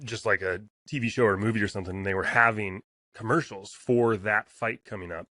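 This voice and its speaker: A man's voice: on the low side, steady tone, a little fast, sharp tone, dry recording, clean studio sound. A man co-hosting a casual podcast, chiming in with teasing one-liners. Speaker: podcast co-host. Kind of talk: casual chat.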